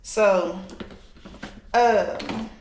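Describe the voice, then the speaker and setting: A woman's voice: mid-range voice, very slow, creaky, a little hiss or hum. Profane woman venting in an echoey room. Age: late 20s. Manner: candid, profane, heated venting. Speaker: vlogger. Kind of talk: storytime while doing makeup. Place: indoors at home.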